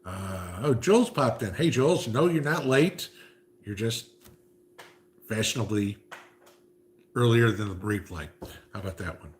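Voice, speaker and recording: A man's voice: fairly low pitch, expressive, measured pace, long pauses. A man hosting a casual livestream, reading viewer comments and chatting, with frequent "okay?" asides. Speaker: livestream host reading chat.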